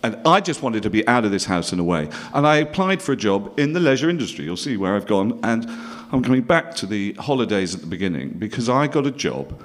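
Wry British comic with a lively voice. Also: male voice, fairly low pitch, fairly quick, few pauses. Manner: dry, self-mocking, wry asides to the audience. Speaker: comedian. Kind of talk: stand-up storytelling.

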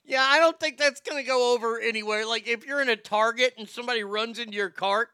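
A man's voice: very high voice, fast, few pauses, sharp tone, clear, resonant tone, no echo, clean studio sound. A man hosting a talk show, brash and profane, riffing on clips and reading chat, often stammering into restarts. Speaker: show host. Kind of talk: casual commentary reading chat.

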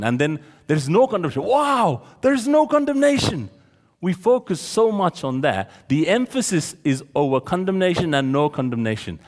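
A man's voice: medium pitch, in a large hall. A man preaching a sermon, explaining scripture verse by verse and often checking with the congregation. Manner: expository, asks the audience questions.

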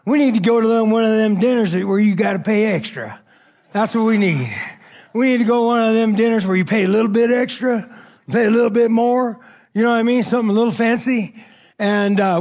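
A man preaching a sermon, telling a personal story in a casual, chatty way with lots of "man" and "all right". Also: sits high. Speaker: pastor.

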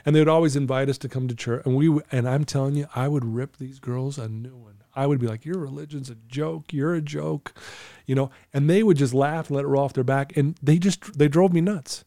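A middle-aged man telling his own life story as a guest, earnest and candid, at times emotional and clearing his throat. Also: medium pitch, fast, hardly any pauses, mellow, no room sound, studio quality. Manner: earnest, candid, storytelling with quoted inner thoughts. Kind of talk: emotional personal testimony.

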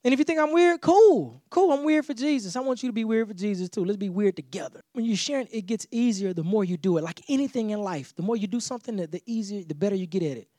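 A pastor speaks fast with few pauses in a high voice, recorded at studio quality without room sound. His sermon feels conversational and lively, with repetition and acted-out bits of dialogue.

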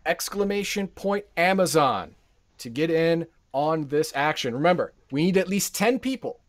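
A man's voice: fairly high pitch, expressive, moderate pace. A man co-hosting a live stream, chatting and bantering in an easygoing, agreeable way. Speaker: stream co-host. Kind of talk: casual live-stream chat.

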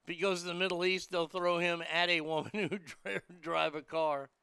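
A man's voice: fairly high pitch, fairly even intonation, moderate pace, creaky, pushed and bright, clear, resonant tone, dry recording. A man riffing crude, mocking jokes in a casual comedic monologue, chuckling at his own lines.

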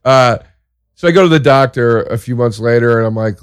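A man who is a comedian hosting a show, telling a crude story in a casual monologue that swings into excited exaggeration. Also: mid-range voice, fast talker, no room sound, clean studio sound.

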